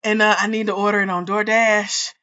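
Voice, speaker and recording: A woman hosting a livestream as a grants coach, talking straight to her viewers in an excited, chatty way. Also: medium pitch, fairly quick, highs cut off. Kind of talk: casual livestream chat.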